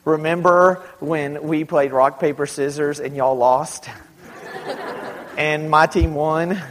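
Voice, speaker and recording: A man from Dallas speaking to a young audience, telling animated, self-mocking stories in a large hall. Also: a little high, takes it slowly, slight background noise. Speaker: youth speaker. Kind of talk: storytelling talk to kids. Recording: long hall reverb.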